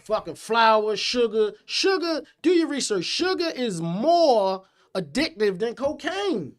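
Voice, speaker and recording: A man, co-hosting a casual chat, profane and animated with loud outbursts. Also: very high-pitched, slow pace. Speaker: podcast co-host.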